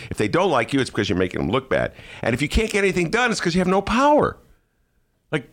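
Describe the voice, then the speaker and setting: Animated, sarcastic political talk host man. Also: mid-range voice. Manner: sarcastic, animated, many "uh" fillers. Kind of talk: casual political commentary. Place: studio.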